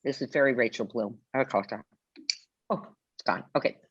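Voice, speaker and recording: Older woman guest on a webinar, low voice, vivid theatrical storyteller, dull dry video-call sound. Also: a little fast, slightly rough, no echo. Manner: theatrical storyteller who acts out quotes. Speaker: guest author. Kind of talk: webinar conversation.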